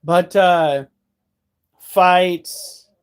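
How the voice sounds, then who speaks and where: Male vlogger, raised pitch, profane and exasperated casual rant. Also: fairly even intonation, drawn-out words, clear, resonant tone. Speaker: pet keeper vlogger. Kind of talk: casual ranting chat.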